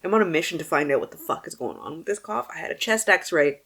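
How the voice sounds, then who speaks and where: A young woman chatting casually about books she has read, animated and swearing freely, dropping to a mumble and then bursting into loud exclaims. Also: low-pitched, fast talker. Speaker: book vlogger. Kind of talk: casual book wrap-up chat.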